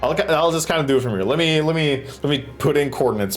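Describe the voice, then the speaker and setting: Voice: mid-range voice, fast talker, faint music behind. A streamer chatting on a live stream while building a stage, swearing freely and making goofy sound effects.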